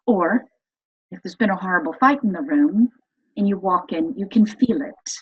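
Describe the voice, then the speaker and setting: A woman's voice: fairly low pitch, lively intonation, normal speed, husky, highs cut off. A woman speaking as a guest in an interview, explaining her ideas in an earnest, enthusiastic way. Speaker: guest expert on voice and energy healing.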